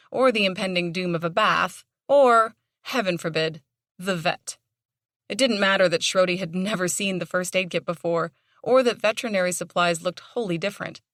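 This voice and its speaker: A woman narrating an audiobook in a measured, storytelling manner. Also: lowish voice, fairly bright tone, no echo, studio quality. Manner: measured storytelling with dramatic tension. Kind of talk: scripted narration.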